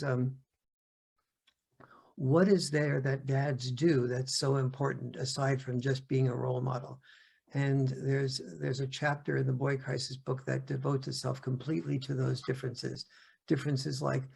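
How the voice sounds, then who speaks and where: A man's voice: medium pitch, creaky, a little mellow, breathy edge. An older man giving a talk over a video call, often restarting and searching for words. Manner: halting, many restarts and fillers. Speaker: guest speaker. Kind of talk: lecture-style talk.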